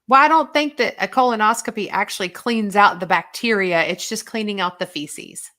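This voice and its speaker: Chatty woman host, mid-pitched voice. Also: moderate pace, few pauses, bright, forceful tone. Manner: chatty, rambling with many fillers. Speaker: host and diet coach. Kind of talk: casual chat answering viewer questions.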